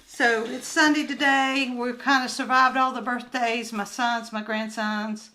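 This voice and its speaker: An older woman with a Southern US accent, chatting casually to camera while unboxing crafts, rambling and often trailing off into soft murmurs. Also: on the high side, fairly even intonation, measured pace, low-quality recording. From Southern United States. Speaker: crafts vlogger and booth vendor. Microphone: handheld phone camera.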